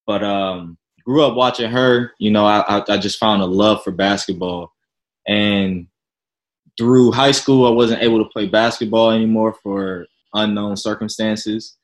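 A young man from Chicago, a podcast guest, telling his story in a relaxed, chatty, self-deprecating way. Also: lowish voice, measured pace, poor audio. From Chicago, Illinois. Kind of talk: casual interview storytelling.

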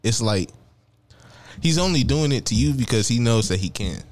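A man's voice: mid-range voice, lively intonation, moderate pace, a little mellow, no room sound. A young man co-hosting a podcast, talking frankly and earnestly in casual chat, giving advice to a friend. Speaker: podcast co-host.

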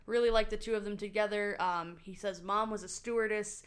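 A woman's voice: mid-range voice, steady tone, fairly quick, clear, resonant tone. A woman co-hosting a casual podcast, talking loosely and swearing freely. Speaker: podcast co-host. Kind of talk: casual chat.

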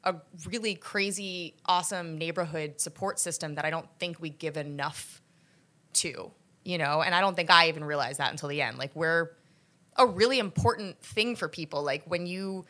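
A woman guest chatting casually in an interview, animated, laughing often and full of fillers. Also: fairly low pitch, moderate pace. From United States. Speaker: podcast guest.

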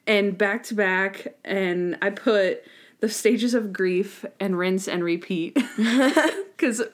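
A woman's voice: medium pitch, slow. A woman co-hosting a casual recap chat, talking enthusiastically and dropping in lots of "like". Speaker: podcast co-host.

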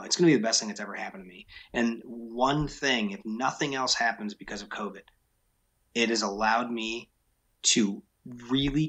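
Forceful low-voiced businessman. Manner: frank, emphatic, repeats key points. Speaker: business owner. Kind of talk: casual interview talk.

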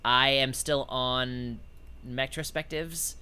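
A man's voice: medium pitch, fairly even intonation, takes it slowly, pushed and bright, smooth. A man co-hosting a podcast, chatting casually in a rambling, sardonic way and swearing now and then. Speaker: podcast co-host. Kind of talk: casual chat.

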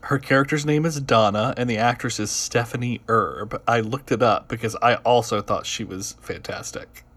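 A man's voice: mid-range voice, normal speed, fairly bright tone. A man co-hosting a film podcast, chatting casually and hedging with fillers. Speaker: podcast co-host.

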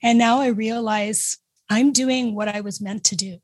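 A woman with a Canadian accent, a guest who runs a pet care business, speaking in a measured, earnest, reflective way. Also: a little high, fairly even intonation, no room sound. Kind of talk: casual interview chat.

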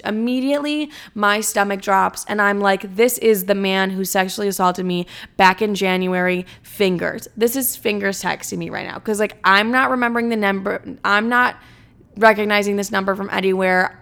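A woman's voice: medium pitch, a bit bright. A young woman, telling a story in a casual, profane monologue full of "like" fillers. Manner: chatty, profane, frequent "like" fillers. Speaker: podcast host.

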